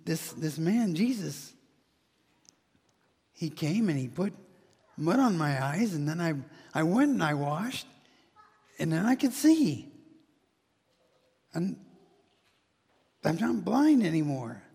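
A man performing a first-person monologue as a formerly blind male beggar, eager and joyful, who talks haltingly and restarts and repeats words between excited exclamations. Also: on the high side, creaky, slightly rough, big-room sound, full character voice.

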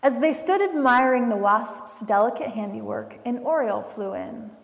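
A woman reading a children's animal story aloud in a gentle, expressive way. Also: fairly high pitch, moderate pace, creaky. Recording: roomy with long reverb.

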